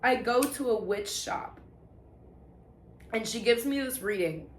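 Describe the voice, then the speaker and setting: Candid, swearing woman in an echoey room. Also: a little high. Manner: candid and profane, with halting restarts. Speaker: vlogger sharing personal testimony. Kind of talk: casual confessional storytelling. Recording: echoey room with faint background noise.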